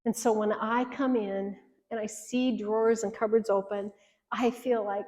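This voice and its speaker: A woman's voice: a little high, fairly even intonation, measured pace, mellow. Earnest woman teaching in an echoey hall. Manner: earnest, coaching, direct challenges to listeners. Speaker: marriage workshop presenter. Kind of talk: workshop teaching.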